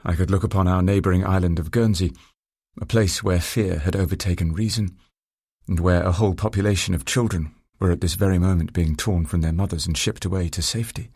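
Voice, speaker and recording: A man narrating a first-person story in a reflective, measured and formal way. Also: deep voice, fairly even intonation, darkish tone, breathy edge, no room sound, clean studio sound.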